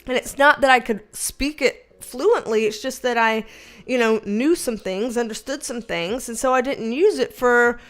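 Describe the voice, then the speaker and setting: A livestream host in her thirties from the American South, with a light Southern accent, chats casually and animatedly, swearing and laughing as she tells stories. Her voice is on the high side, and she speaks at a normal speed.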